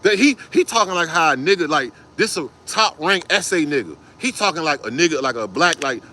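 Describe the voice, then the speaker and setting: A man's voice: on the high side, lively intonation, a little fast, few pauses, sharp tone, slight background noise. A man telling a wild personal story in casual street slang, cursing freely and acting out other people's voices.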